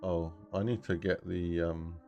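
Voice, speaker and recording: Male streamer, low and gravelly, rambling as he works, soft music behind. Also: little pitch movement, measured pace, muffled recording. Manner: rambling, thinks aloud, talks to chat. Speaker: streamer making a game map. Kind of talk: casual live-stream chat while working.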